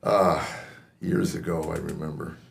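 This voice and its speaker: Deep, gravelly middle-aged man telling stories. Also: steady tone, measured pace, slight background noise. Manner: rambling storyteller, laughs at his own tales. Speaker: podcast host. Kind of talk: comedic podcast chat.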